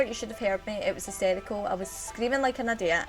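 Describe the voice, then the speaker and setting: A woman's voice: mid-range voice, fast talker, faint music behind. A woman with a Scottish accent chatting on a live stream, telling a rambling story and greeting her chat viewers as she goes.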